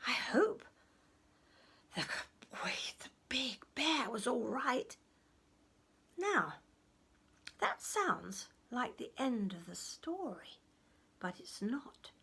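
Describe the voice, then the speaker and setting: Animated woman storyteller for children. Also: on the high side, takes it slowly, vocal fry, pauses often, husky. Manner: animated, audience-prompting, drops to whispers.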